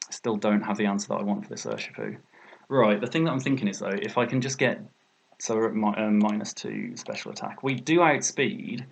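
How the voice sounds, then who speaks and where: Gravelly British man thinking aloud over a game. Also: lowish voice. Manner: self-critical, exclaims often, thinks aloud. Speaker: gaming video creator. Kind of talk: live commentary over a competitive game.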